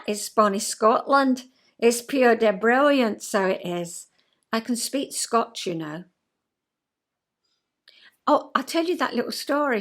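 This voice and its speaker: A woman's voice: medium pitch, fairly bright tone. An older woman, a former counsellor, telling a rambling, self-deprecating story in casual vlog chat. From England.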